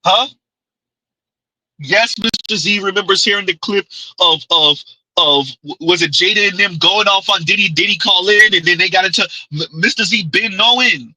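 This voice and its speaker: A man's voice: high voice, moderate pace, pushed and bright, no room sound, rough recording. A man hosting a commentary livestream, talking emphatically and repeating himself, sometimes calling himself by name in the third person. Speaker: livestream host.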